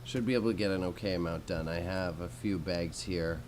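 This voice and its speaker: A man's voice: low voice, a little fast, darkish tone, poor audio. Casual Canadian male streamer, young, slangy and laid-back, faint room hum behind. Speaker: livestreamer. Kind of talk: casual livestream chat while sorting jewelry.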